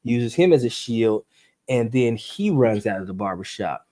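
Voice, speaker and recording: A man telling a true story as a podcast guest, acting it out with sound effects and speeding up and rising in pitch when the tension builds. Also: normal speed. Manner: animated storyteller, acts out voices and gunshots; speeds up and rises in pitch at tense moments.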